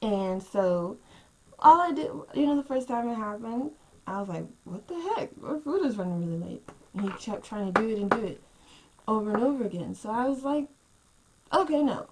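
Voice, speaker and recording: A woman vlogging to her camera, telling a workplace story in a casual, exasperated rant and acting out what people said with big jumps in pitch. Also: lively intonation, a little fast, a little mellow, a little hiss or hum, poor audio.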